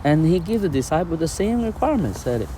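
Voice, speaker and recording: A man teaching spiritual ideas in casual conversation, animated and laughing often, with non-native grammar. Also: fairly high pitch, fast talker, a little hiss or hum. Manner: animated, acts out quoted voices, laughs often.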